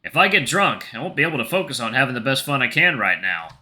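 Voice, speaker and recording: A man's voice: medium pitch, big pitch swings, fast talker, bright, forceful tone. A man voicing an easygoing, wry adult male tiger who teases as he drinks, in a story game. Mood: teasing. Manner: teasing, laid-back drinking talk.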